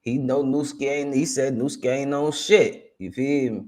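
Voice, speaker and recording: A man's voice: medium pitch, fairly even intonation, moderate pace, warm tone. A young man giving casual, slang-heavy commentary as a reaction streamer, often tacking "man" and "you feel me" onto his lines.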